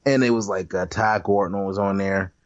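A man's voice: low-pitched, steady tone, moderate pace, no room sound, dull audio. A man co-hosting a podcast, mocking and laughing as he tells stories. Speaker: podcast co-host. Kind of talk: casual movie-review chat.

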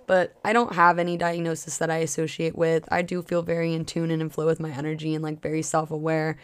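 A woman's voice: low-pitched, completely flat delivery, quick pace, clear, resonant tone, no room sound. A young woman hosting a solo podcast as a spiritual coach, talking in a casual, passionate way with lots of filler words and cussing.

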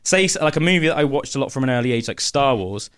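A man talks at a quick clip, in an easy podcast-chat manner. He rambles and piles up fillers as he goes. His pitch sits right in the middle. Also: clean tone. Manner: rambling, animated, filler-heavy with lots of "like". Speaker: podcast co-host. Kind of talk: casual chat.

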